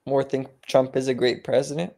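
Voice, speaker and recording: A man's voice: medium pitch, level tone, normal speed, darkish tone. A man in a casual talk asking questions hesitantly, restarting and apologizing as he goes.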